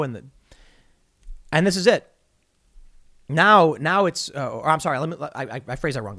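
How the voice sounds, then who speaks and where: A man's voice: medium pitch, animated, normal speed, long pauses, a bit bright. A man hosting a political commentary podcast, talking in a sarcastic, indignant, mocking way. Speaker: podcast host.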